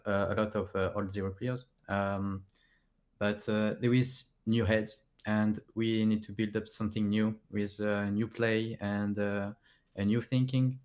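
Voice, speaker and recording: A man with a French accent, a player answering post-match interview questions in halting English and often searching for words. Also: lowish voice.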